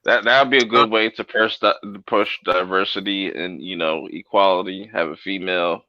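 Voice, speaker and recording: A man's voice: sits low, steady tone, brisk, no room sound, lo-fi sound. A man on a casual chat panel, blunt and offhand, with slangy remarks. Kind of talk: casual late-night chat.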